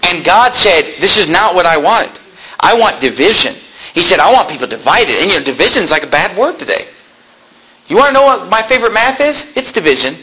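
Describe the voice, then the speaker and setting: Bright high-voiced male preacher. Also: very animated, brisk, husky, poor audio. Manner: emphatic, conversational and combative. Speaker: pastor. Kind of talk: preaching a sermon.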